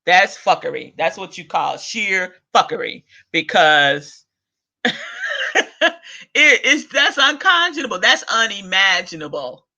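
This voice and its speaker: A man's voice: sits high, unhurried, creaky, pushed and bright. A man hosting a video rant, profane and exasperated, with chuckles between lines. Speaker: vlog host. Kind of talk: ranting monologue.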